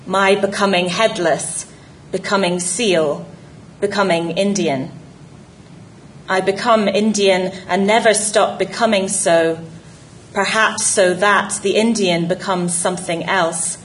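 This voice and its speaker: Slow, measured woman narrator. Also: medium pitch, slight background noise, low-quality recording. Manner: measured, reflective reading. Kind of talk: scripted essay narration.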